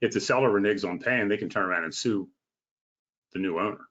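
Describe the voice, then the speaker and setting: A man's voice: lowish voice, quick pace, a bit bright. A man, a home inspector, talking casually and bluntly, with a sarcastic streak. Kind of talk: casual podcast conversation. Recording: slightly dull lo-fi audio.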